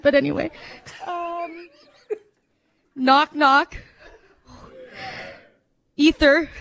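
A woman's voice: sits high, a bit bright. A woman doing a nervous, rambling stand-up set, laughing at herself between jokes. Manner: nervous, giggly, rambling, self-deprecating. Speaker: radio host doing stand-up.

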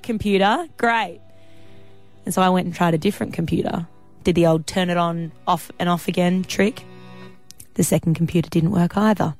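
A woman hosting a radio show from the studio, chatty and bubbly with quick laughs. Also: lowish voice, a little mellow. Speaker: radio host. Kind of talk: casual radio chat. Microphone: studio mic.

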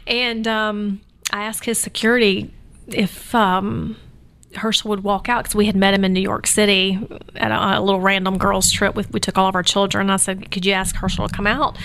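A woman's voice: medium pitch, flat delivery, moderate pace, fairly bright tone. Woman guest, storytelling, filler-heavy, emotional. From Georgia, US. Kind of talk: casual interview conversation.

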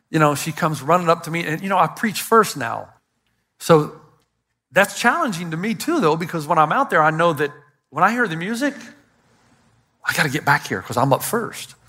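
A bright-toned older man preaches with a fairly high voice. He tells stories animatedly to a church congregation, with quick asides and self-deprecating humor. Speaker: pastor. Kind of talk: sermon. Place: church stage before a congregation.

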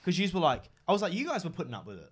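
A man's voice: high voice, huge pitch swings, rapid-fire, husky. A young man co-hosting a podcast, bantering bluntly with his roommates and swearing as he retells stories. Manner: blunt, swearing, tells stories with quoted dialogue. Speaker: podcast co-host. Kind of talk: casual banter among roommates.

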